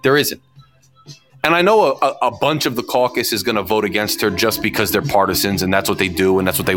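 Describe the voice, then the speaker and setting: A man's voice: medium pitch, sharp tone. A man hosting a podcast, giving emphatic, repetitive, frustrated political commentary on his own. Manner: mocks opponents in put-on whiny voices. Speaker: podcast host. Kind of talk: opinionated solo political commentary. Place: lives near New York City.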